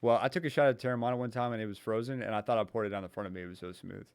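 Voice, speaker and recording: A man's voice: fairly low pitch, steady tone, rapid-fire, smooth, dry recording, clean studio sound. A young man with a Louisville, Kentucky accent, chatting casually on a podcast, running his sentences together and swearing freely. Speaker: podcast host.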